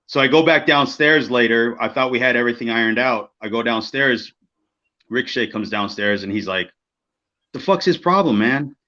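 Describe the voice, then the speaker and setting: Animated storytelling man, bright lo-fi sound. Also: medium pitch, a little fast. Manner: animated, acts out quoted people, swears freely. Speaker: podcast co-host, former wrestler. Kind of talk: casual storytelling. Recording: dull lo-fi podcast audio.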